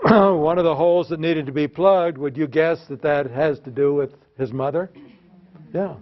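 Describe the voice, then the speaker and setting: A man's voice: a little high, moderate pace. Folksy man telling classroom stories. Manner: folksy, joking, self-mocking anecdotes. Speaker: workshop presenter for teachers. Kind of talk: storytelling lecture with audience call-and-response. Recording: slightly dull lo-fi recording.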